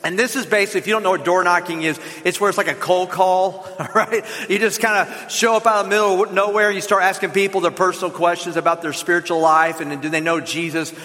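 A man with a Southern American accent preaching a lively, joking sermon to his congregation in a church. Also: sits high, fast talker, long reverb tail. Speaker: pastor. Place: church sanctuary.

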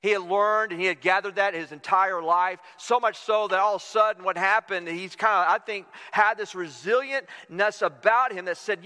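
A man in his forties preaching a sermon, telling stories with lively acted-out quotes. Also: moderate pace, few pauses, smooth, in a large hall. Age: 40s. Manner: animated storytelling, acting out quotes with big pitch swings. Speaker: pastor. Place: church sanctuary.

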